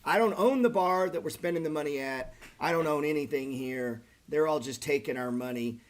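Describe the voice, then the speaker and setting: A man's voice: fairly high pitch, a little fast. A middle-aged man hosting a trading stream, talking casually and bluntly, swearing often and calling listeners "man" and "bro". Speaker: trading channel host. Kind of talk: casual livestream chat about trading.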